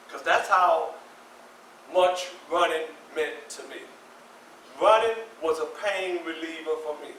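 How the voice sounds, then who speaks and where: A man in his sixties telling a personal story live to an audience, animated and acting out scenes. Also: a little high, slow pace, a little hiss or hum. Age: 60s. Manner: animated, acts out scenes with voices and shouts. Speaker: featured storyteller. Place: community center hall. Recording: echoey room from a far mic, faint ambience.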